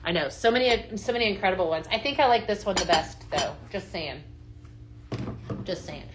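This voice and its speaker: A woman's voice: medium pitch, expressive, fast talker, noisy background. A woman consultant hosting a live product show, gushing and chatty, with lots of "just saying" and "right?". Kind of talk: upbeat live sales chat, reading viewer comments.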